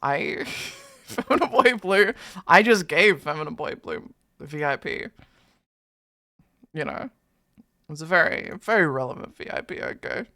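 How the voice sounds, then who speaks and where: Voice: mid-range voice, animated, normal speed, vocal fry, long pauses, sharp tone, dry recording, studio quality. A live streamer chatting casually with viewers, greeting chatters by name and swearing freely in playful, mock-dramatic rants. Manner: mock-dramatic, hypes things up then undercuts them.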